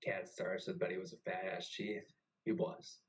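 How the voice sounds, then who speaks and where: A young navy veteran tells a story loosely and casually. His voice sits on the low side, and he swears freely and keeps things animated. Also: normal speed, poor audio. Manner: profane and animated. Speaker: podcast host and navy veteran.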